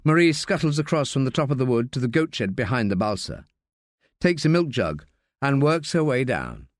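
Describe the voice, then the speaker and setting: In a measured, expressive storytelling style, a man narrates an audiobook. His voice sits in the mid range, and the studio recording is clean with no echo.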